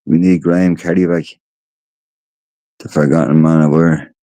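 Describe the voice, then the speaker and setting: A man's voice: extremely low pitch, fairly even intonation, moderate pace, dark tone, no room sound. A tired Irish man hosting a livestream, telling stories in a loose, rambling way, swearing freely and repeating his words. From Ireland. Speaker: livestream host. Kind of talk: casual rambling storytelling. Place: indoors, home.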